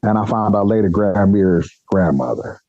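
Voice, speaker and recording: Man, storytelling guest, colloquial, animated, dry close sound. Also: fairly low pitch, normal speed, no echo, dull audio. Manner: animated, acts out dialogue in other voices; colloquial, blunt, swears casually. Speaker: podcast guest telling his story. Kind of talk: storytelling anecdote.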